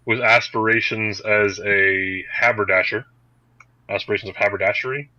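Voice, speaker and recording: A man's voice: on the low side, fairly even intonation, moderate pace, bright, forceful tone, no echo, highs cut off. A man running an online tabletop game as game master, talking in a wry, joking way over a computer mic on a voice call.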